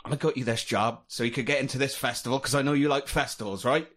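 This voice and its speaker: A man's voice: mid-range voice, fast, a bit bright, natural voice. Man doing a festival steward, Somerset accent, firm, patient. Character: professional, kind male festival steward from Somerset.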